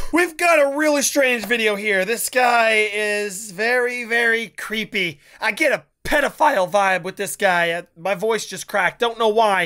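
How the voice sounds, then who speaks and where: A young man with a high, sharp and bright voice rambles through a casual reaction video. He talks crudely and keeps stumbling into restarts. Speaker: YouTube reaction host.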